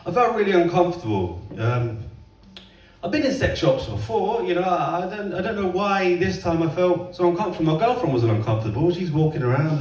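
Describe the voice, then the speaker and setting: A man performing a chatty, self-mocking stand-up set and acting out voices in loud bursts. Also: fairly high pitch. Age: 30s. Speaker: stand-up comedian. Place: comedy club stage, heard from across the room. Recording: roomy live club recording from a distance. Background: faint audience laughter.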